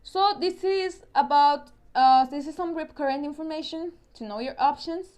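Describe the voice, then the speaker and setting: Woman teacher, Spanish accent, slightly high voice, careful explainer who repeats herself. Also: moderate pace, darkish tone. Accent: Spanish-speaking. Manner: explains step by step, often repeats and restarts words. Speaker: science teacher. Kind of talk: recorded online science lesson.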